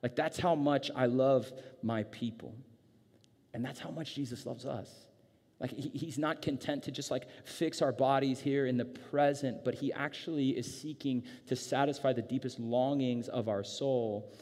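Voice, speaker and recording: A man's voice: mid-range voice, normal speed. A man preaching a sermon in a casual, conversational way, acting out characters with playful sarcasm. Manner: casual, animated, acts out disciples with sarcasm. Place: church gathering space. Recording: reverberant hall sound.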